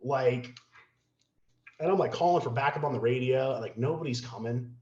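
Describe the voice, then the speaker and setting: Slightly dull, roomy podcast audio captures a male guest with a medium-pitched voice and moderate pace. He tells his story animatedly and profanely in a casual manner, doing the voices of the people in it.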